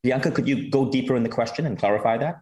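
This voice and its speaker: A man hosting a podcast interview who speaks in a measured way, summing up points and guiding the questions. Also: mid-range voice, darkish tone. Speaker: podcast host.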